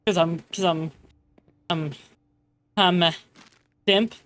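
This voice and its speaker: A woman's voice: on the low side, fairly even intonation, slow, fairly bright tone. A woman streaming a game live, chatting casually with friends and her chat, laughing often and swearing playfully.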